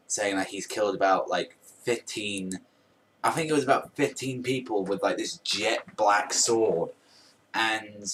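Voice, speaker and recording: A man's voice: fairly low pitch, recorded from a distance. A young man casually reviewing a manga chapter, rambling and amused, with lots of fillers.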